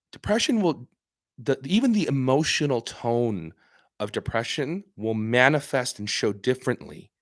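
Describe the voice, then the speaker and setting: A man's voice: medium pitch, dry recording, studio quality. A man hosting a casual live stream as a doctor, talking earnestly and with emphasis, often repeating and restarting his phrases. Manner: acts out patient voices in quotes. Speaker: psychiatrist host answering viewer questions.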